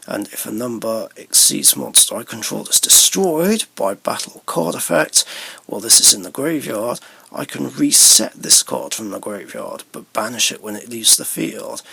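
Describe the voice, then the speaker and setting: A man's voice: lowish voice, gravelly, pushed and bright, breathy edge, rough recording. A man, a card game YouTuber, walking through his deck in a casual, rambling way, with many ums and mid-sentence corrections. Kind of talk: casual deck profile walkthrough.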